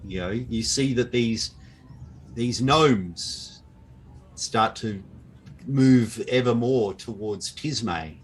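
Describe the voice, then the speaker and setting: Man, game master, husky voice, unhurried narration, online call. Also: medium pitch. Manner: descriptive, with frequent fillers.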